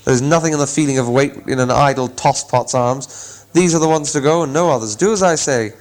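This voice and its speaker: A man's voice: medium pitch, brisk, close to an everyday voice. A cranky old male elf butler, roused from a nap and grumbling, as a man reads him. His orders are curt and impatient in this storybook scene.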